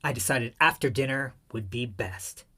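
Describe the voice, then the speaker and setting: A man's voice: medium pitch, moderate pace, bright, forceful tone, breathy edge. A man narrating a comic first-person story in an irreverent, wry tone.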